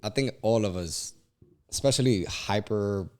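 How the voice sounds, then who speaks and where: A man co-hosting a podcast, musing thoughtfully in relaxed conversation. His voice sits on the lower side. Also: measured pace. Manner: reflective, thoughtful. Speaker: podcast co-host. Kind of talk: casual chat.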